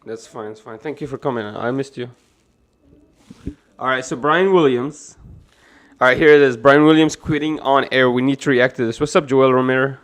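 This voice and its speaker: A man streaming a casual video reaction, excitable and profane, talking to his chat. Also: mid-range voice, moderate pace. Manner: excitable, profane, laughs hard.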